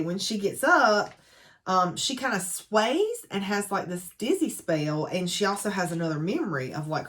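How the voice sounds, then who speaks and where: A woman's voice: mid-range voice, fairly bright tone. A woman gives a casual, chatty book recap full of dramatic asides. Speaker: book reviewer.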